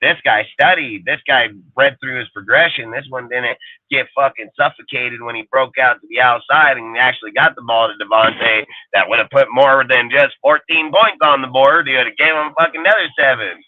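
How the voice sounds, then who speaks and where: Speaking at normal speed with a medium-pitched voice, a man hosting a sports podcast launches into a heated casual rant. He curses constantly and hammers points through repetition, all over a dry, phone-like line.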